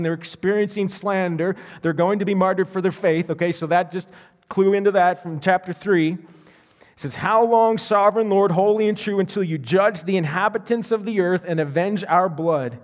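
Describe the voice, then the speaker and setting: A man's voice: on the high side, darkish tone, in a large hall. A man preaching a sermon as a pastor, reading scripture aloud and breaking off into casual explanations to the congregation.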